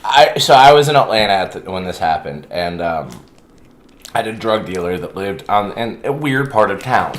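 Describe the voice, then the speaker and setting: A man's voice: fairly low pitch, expressive, normal speed. A man, a comedian, rambling loosely through a story in a casual chat. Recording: echoey room with faint noise.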